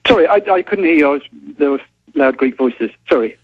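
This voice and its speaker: A man calls in over a muffled phone line from a police station. His voice sits high and moves lively, and he speaks politely and hesitantly, apologizing often. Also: a little fast, slight background noise. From Britain. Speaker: newspaper reporter calling in.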